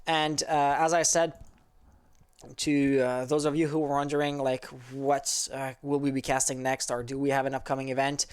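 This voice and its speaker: A man from Quebec, Canada, whose first language is French speaks English with a Quebec French accent as an esports caster, chatting casually with his stream viewers. Easygoing and rambling, he answers chat as he reads it. His smooth, mid-range voice moves at normal speed with little pitch movement.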